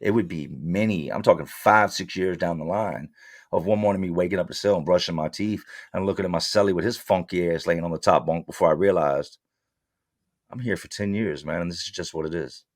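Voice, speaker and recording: A man's voice: low voice, brisk, no room sound. A man being interviewed, telling his story bluntly in street slang and acting out his past exchanges. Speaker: interview guest. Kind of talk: candid storytelling.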